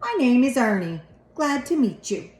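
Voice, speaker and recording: A woman's voice: fairly high pitch, very animated, moderate pace, darkish tone, pitched above the performer's own voice. A woman reading a storybook aloud, voicing a silly chattering little boy in a squealing, sing-song voice. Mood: playful. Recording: echoey room.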